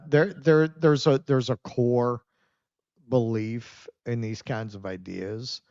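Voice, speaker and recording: A man's voice: medium pitch, clean tone, no echo. A man co-hosting a casual political chat, rambling with restarts and saying "man". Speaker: co-host. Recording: dull lo-fi mic.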